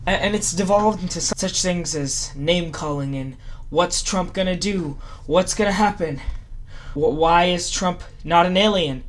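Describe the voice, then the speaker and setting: A man's voice: high-pitched, normal speed, slight background noise. A man giving casual reaction commentary in a sarcastic, mock-enthusiastic ranting way. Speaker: YouTube commentator.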